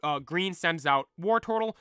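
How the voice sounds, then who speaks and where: A man's voice: on the high side, expressive, normal speed, bright, forceful tone, smooth, dry recording, studio quality. A man casually reading a comic aloud, chatty and loose, adding his own commentary as he goes. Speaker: comic reader. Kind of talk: casual comic read-along.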